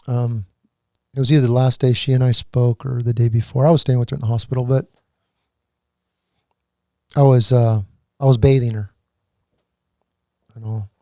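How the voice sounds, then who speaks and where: A man giving an emotional personal testimony as a podcast guest, earnest and halting, with many restarts. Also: mid-range voice, gravelly, warm tone, dry recording, clean studio sound.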